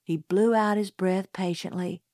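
A woman reading a novel aloud in first person, measured and unhurried. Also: mid-range voice, steady tone, dark tone, no echo, studio quality. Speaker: audiobook narrator. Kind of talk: scripted first-person narration.

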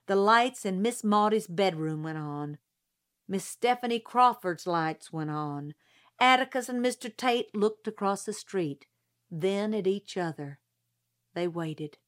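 A woman narrating a novel aloud in a steady storytelling manner. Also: medium pitch. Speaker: audiobook narrator. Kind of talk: scripted narration.

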